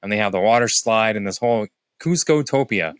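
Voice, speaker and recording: A man's voice: brisk, clear, resonant tone, no echo. A man co-hosting a podcast, recapping a film in casual chat and acting out quoted lines. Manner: animated, acts out quoted lines in higher voices. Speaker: podcast co-host. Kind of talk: casual movie review chat.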